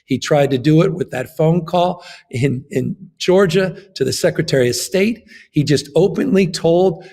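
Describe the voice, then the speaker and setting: A man's voice: on the high side, moderate pace, a little mellow. A man, a governor, giving an impassioned political interview, emphatic and fond of repeating his phrases.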